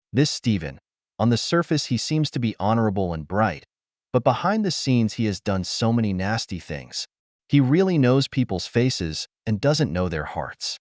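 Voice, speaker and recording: Low-voiced male story narrator. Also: no room sound, studio quality.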